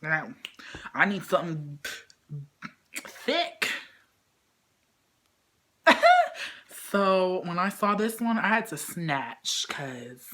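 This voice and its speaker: Young woman unboxing stuff at home, gushy fangirl voice that swings all over, slow. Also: fairly low pitch, expressive, pushed and bright. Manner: gushing, squealing fangirl, swings between shrieks and whispers. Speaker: vlogger unboxing a photobook. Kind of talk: excited casual unboxing vlog.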